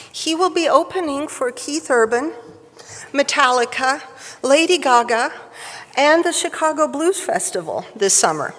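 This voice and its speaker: A woman giving a prepared tribute speech at a professional society event, with a wry, measured delivery, at a podium microphone in a large hall. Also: high-pitched, a bit bright. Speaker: speaker at a surgical society event. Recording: reverberant hall.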